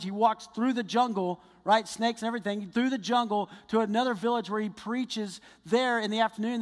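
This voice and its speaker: A male pastor preaching a sermon, telling stories with excited earnestness that builds into fervent prayer. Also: sits high, long reverb tail.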